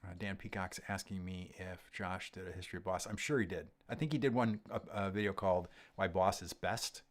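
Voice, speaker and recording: Deep-voiced man chatting loosely on a livestream. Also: a little fast. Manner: relaxed, rambling, frequent ums and restarts. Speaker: host of a gear livestream. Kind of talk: casual livestream chat reading comments.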